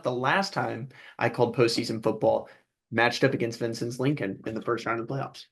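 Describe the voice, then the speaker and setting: An American play-by-play announcer with a Midwestern accent and a mid-range voice. He hosts a local radio interview with an upbeat, promotional manner. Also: mid-range voice. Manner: upbeat, promo-style sign-offs. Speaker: play-by-play announcer and show host.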